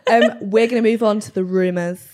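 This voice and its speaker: A woman's voice: mid-range voice, steady tone, fairly quick, a little mellow. A young woman hosting a podcast, blunt and teasing, swearing freely in casual chat. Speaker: podcast host.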